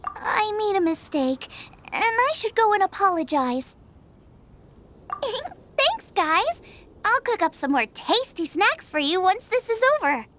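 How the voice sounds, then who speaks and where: A woman voicing a cheerful young female chef in a video game, bubbly and excitable about food. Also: very high-pitched, takes it slowly, exaggerated voice. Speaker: game character. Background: game music.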